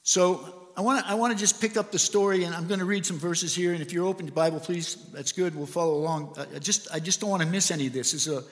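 A man's voice: sits high, fast talker, hardly any pauses. A man preaching a sermon, retelling a Bible story with earnest emphasis and frequent stammered restarts. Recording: long reverb of a large hall.

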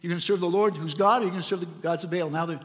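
A man's voice: high voice, steady tone, rapid-fire. A man preaching a sermon, retelling a Bible story with earnest emphasis and frequent stammered restarts. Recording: long reverb of a large hall.

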